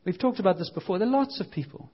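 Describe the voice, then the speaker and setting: A man preaching a lively, conversational sermon, acting out voices and now and then shouting. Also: sits high, racing, lo-fi sound.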